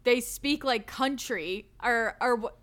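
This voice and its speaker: A woman co-hosting a casual movie discussion, ranting in an animated, exasperated way with lots of "like". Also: on the high side, unhurried. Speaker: podcast co-host. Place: recorded live.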